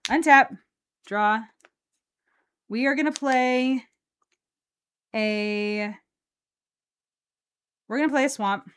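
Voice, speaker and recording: Woman, stream host, casual chat, upbeat, chatty, lots of fillers, slightly high voice. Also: very slow, long pauses, a bit bright, smooth. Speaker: streamer and card game host. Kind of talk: casual live-stream chat while playing.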